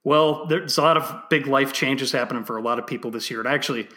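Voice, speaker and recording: A young man hosts a podcast interview in a relaxed, conversational way. He rambles a little, with fillers and restarts, his voice pitched in an ordinary middle range. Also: fast. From Chicago area. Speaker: podcast host. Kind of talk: casual interview.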